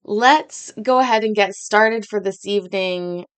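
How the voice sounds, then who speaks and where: Casting rambling, self-deprecating woman livestream host, mid-pitched, talking casually from home. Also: a little slow, smooth.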